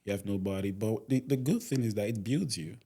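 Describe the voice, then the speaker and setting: A young man speaks earnestly as a podcast guest. His voice sits fairly low and sounds mellow. He leans on "you know" as he tells his story. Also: brisk, breathy edge. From Nigeria. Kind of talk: casual interview storytelling.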